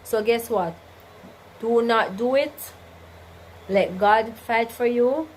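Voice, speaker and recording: A woman with a somewhat high, slightly mellow voice speaks slowly over faint background noise in poor audio. She hosts a casual livestream, reading viewer comments aloud and dispensing preachy, faith-based advice, constantly tacking on "you understand?" and "right?".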